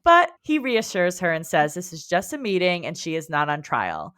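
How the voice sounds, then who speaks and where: A woman co-hosting a book club podcast, summarizing chapters in a lively conversational way and laughing often. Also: on the low side, moderate pace, no room sound, studio quality. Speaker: podcast co-host. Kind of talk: casual book club chat.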